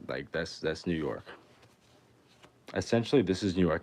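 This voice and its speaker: A young man with a very deep, low voice rambles through crude, joking banter with his viewers. He talks off the cuff and swears freely, the way a musician chats on a casual livestream. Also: animated, brisk, darkish tone.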